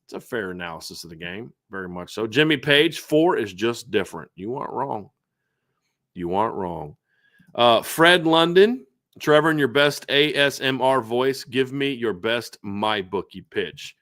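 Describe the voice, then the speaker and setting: Brief: male sports show host, animated and casual, restarts his sentences, recorded dry and close. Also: medium pitch, moderate pace, no room sound. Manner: animated, repeats words when starting sentences. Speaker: podcast host. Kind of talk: casual post-game sports talk.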